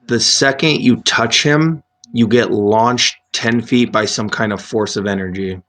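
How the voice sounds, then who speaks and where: A man's voice: lowish voice, a little slow, fairly bright tone. A man narrating as game master in a casual, rambling way.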